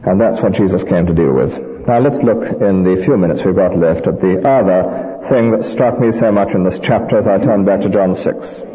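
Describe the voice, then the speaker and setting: A man's voice: lowish voice, warm tone. A man preaching a sermon from a church pulpit, emphatic and anecdotal with dry humorous asides. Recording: dull lo-fi recording with long church reverb.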